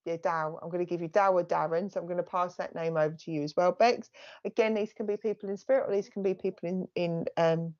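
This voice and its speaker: A woman's voice: fairly low pitch, fairly even intonation, fast. Chatty woman medium on a dull livestream. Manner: soft, chatty, thanks unseen spirits aloud. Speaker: psychic medium. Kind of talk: live psychic reading.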